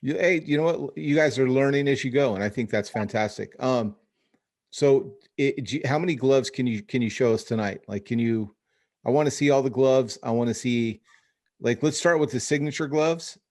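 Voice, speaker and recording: A man's voice: mid-range voice, normal speed, a little mellow. A man hosting a casual podcast chat from the Phoenix area, talking in loose rambling bursts full of restarts and "dude". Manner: rambling, many restarts, says dude and bro. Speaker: podcast host. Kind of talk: casual chat over video call.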